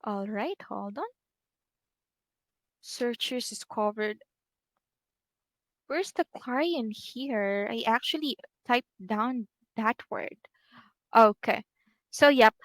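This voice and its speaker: A woman teaching a one-on-one online English lesson, patient and encouraging, pausing to type corrections as she talks. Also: on the high side, no room sound.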